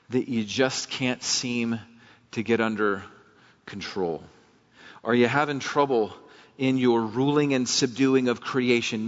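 A man's voice: medium pitch, a bit bright. A man preaching a sermon as pastor, earnest and fervent, putting rhetorical questions to his congregation in a church sanctuary. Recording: long reverb, dull lo-fi sound.

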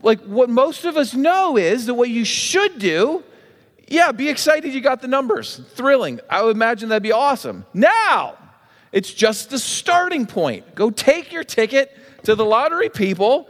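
A man with a high, light voice preaches a sermon, spinning an imagined conversation and playing both parts with animated swings. His words ring out with a long reverb through a large church sanctuary. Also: moderate pace. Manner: lively storytelling, acting out both sides of a made-up conversation. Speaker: pastor.

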